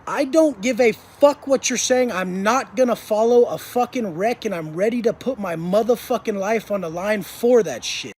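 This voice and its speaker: A man's voice: high-pitched, normal speed, hardly any pauses, a little mellow, husky. A man telling prison stories in an intense, blunt monologue, swearing heavily. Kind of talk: profane storytelling monologue.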